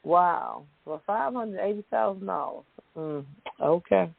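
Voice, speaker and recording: Co-host with a husky voice, casual and giggly, on a close, dry phone line. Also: mid-range voice, no echo. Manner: laughs easily, halting with restarts. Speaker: talk show co-host. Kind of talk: casual chat, reading news.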